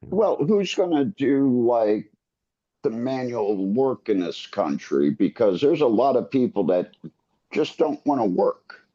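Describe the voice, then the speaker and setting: Male caller, warm dark tone, lively pitch, halting and defensive, muffled lo-fi phone line. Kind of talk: call-in discussion.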